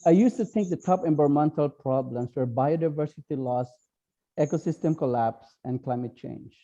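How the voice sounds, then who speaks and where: A man with a Filipino accent, a priest giving an online talk, speaking slowly and haltingly with many fillers. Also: on the high side, mellow, muffled recording. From Philippines. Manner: slow, halting, with frequent fillers.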